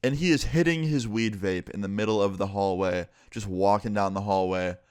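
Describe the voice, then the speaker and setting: Young guy telling a story time vlog, low voice, casual and sweary, dry close sound. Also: normal speed, darkish tone, clear, resonant tone, no room sound. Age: young adult.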